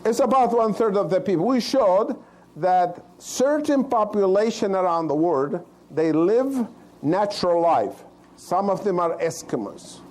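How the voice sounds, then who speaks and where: A man with a high, slightly mellow voice is a cardiologist giving a casual health talk to a live crowd. He's plain-spoken with loose grammar and keeps checking in with his listeners, and the audio is poor.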